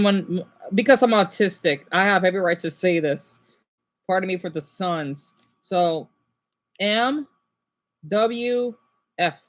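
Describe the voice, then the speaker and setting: A man's voice: high-pitched, a bit bright. A young man vlogging casually, rambling and interrupting himself while drawing a chart and airing complaints. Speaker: gaming vlogger.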